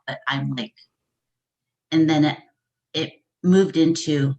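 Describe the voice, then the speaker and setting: Woman, interview guest, candid, emotional, laughs and sighs, slightly low pitch. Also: steady tone, a little slow, long pauses, a little mellow. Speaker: interview guest, coaching client. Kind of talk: casual interview chat.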